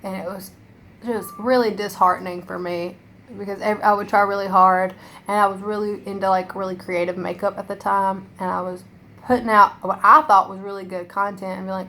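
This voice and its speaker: A young woman makeup vlogger talks to camera in a rambling, emotional monologue packed with "like" and swearing. Her medium-pitched voice is pushed and bright, with flat delivery and a slightly fast pace, over slight background noise.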